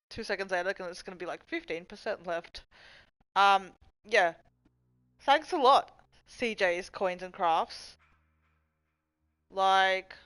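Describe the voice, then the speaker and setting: A woman's voice: medium pitch, normal speed, a bit bright, low-quality recording. A young woman rambling casually and swearing freely as she answers chat on her live stream from home. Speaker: livestream host.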